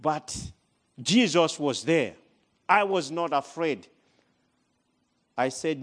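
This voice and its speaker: Slow-speaking man telling a sermon story. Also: a little high, lively intonation. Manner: slow, deliberate, with dramatic swings in loudness. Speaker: guest speaker.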